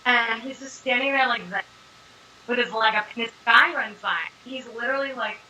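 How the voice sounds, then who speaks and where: Young woman, bright, slightly high voice, chatty interviewee, filler-heavy storytelling. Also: moderate pace, rough recording. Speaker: actress being interviewed. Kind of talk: casual interview chat.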